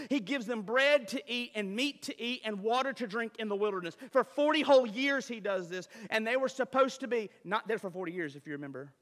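A man preaches with animated energy, tossing rhetorical questions to his listeners. His voice sits high and bright. It carries a long reverb, as in a large church hall. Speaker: pastor. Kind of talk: sermon.

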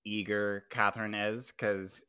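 A man with a bright, sharp voice jumps into a casual podcast conversation with wry asides and jokes about a film's scenes. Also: on the low side, flat delivery, measured pace, clean tone. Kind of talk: casual movie-recap chat.

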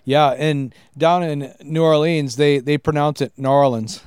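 A man's voice: on the high side, steady tone, unhurried, a little mellow, smooth, no echo, clean studio sound. A man from Minnesota with a Minnesotan accent, hosting a casual podcast interview in an easygoing way, laughing often. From Minnesota, US Midwest. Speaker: podcast host.

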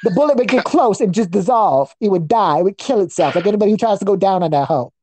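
A woman's voice: medium pitch, expressive, fast, a little mellow, a little hiss or hum, rough recording. A woman guest on a comedy podcast, delivering a crude, profane roast in a mocking voice and breaking into nonsense singsong chants.

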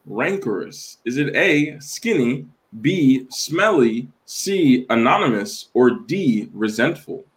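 A man hosting a casual web quiz show, reading questions slowly and teasing the contestant. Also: medium pitch, animated. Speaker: quiz host.

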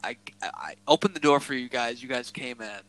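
A man's voice: mid-range voice, moderate pace, fairly bright tone, rough recording. A young man co-hosting a podcast, rambling in casual chat with lots of swearing and filler words. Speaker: podcast co-host.

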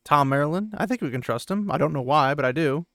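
A man's voice: a little high, lively intonation, fast talker, a bit bright, dry recording, studio quality. A man voicing a tactful, trusting young noblewoman who speaks mildly.

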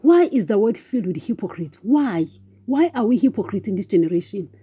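A woman's voice: medium pitch, lively intonation, a little fast, warm tone, slightly rough, dry recording. A woman giving an informal devotional talk for a podcast, preaching with passion, repeating herself and calling her listeners "guys". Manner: impassioned, repetitive, keeps calling listeners "guys".

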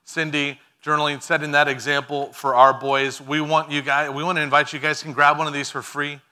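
A man preaching a sermon as pastor, animated and emphatic, laughing at his own asides. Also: on the high side, a little fast, clean tone.

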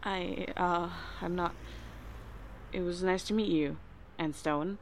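A woman's voice: lowish voice, steady tone, slow, a little hiss or hum. A woman playing a polite, hesitant stranger who keeps apologizing.

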